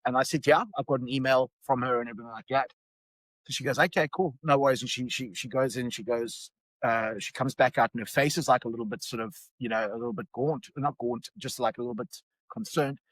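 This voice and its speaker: A man's voice: mid-range voice, steady tone, fairly quick, no echo, poor audio. Rambling South African-raised man telling a story. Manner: rambling, many fillers and restarts. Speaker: podcast guest. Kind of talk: storytelling in conversation.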